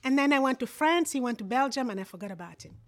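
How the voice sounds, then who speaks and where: A woman from Congo shares her personal testimony before a congregation. Her voice is high and bright in pitch, and she tells hard memories earnestly, lightening them now and then with wry humour. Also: lively intonation, quick pace. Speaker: speaker giving a personal testimony. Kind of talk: church testimony.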